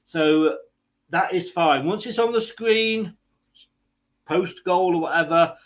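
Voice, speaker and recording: A man's voice: high voice, slow. A man hosting a football watchalong stream, mixing live match commentary with rambling, self-mocking jokes.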